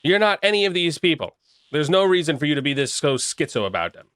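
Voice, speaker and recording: A man's voice: on the high side, sing-song, quick pace, a bit bright, clean tone, no room sound, clean studio sound. A young man chatting casually on a live stream, rambling and making crude jokes while reacting to chat. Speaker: livestreamer reading chat.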